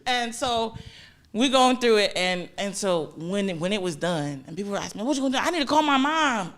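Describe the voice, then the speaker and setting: Guest athlete, young woman, lively storyteller who laughs a lot and swoops through a wide pitch range. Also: a little fast. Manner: animated storyteller, laughs often, acts out quotes. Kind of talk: casual interview chat.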